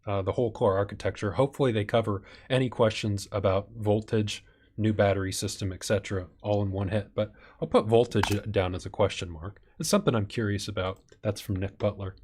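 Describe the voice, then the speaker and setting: A man's voice: fairly low pitch, steady tone, fairly quick, darkish tone. A man hosting a live stream Q&A, reading viewer questions and thinking aloud with some fillers. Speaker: channel host.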